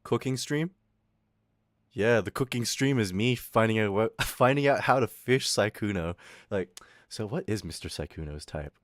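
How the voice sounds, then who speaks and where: A young man on a casual stream reads his chat and answers it directly, ranting in a loud, animated way full of swearing and big laughs. His pitch jumps wildly up and down at a moderate pace, and the sound is close and dry with no room sound.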